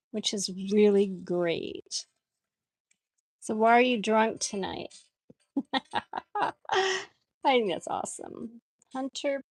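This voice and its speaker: Woman, art stream host, casual chatter, laughs a lot, slightly high voice. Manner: chatty, laughs often, reads out viewer comments. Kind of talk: casual livestream chat while drawing.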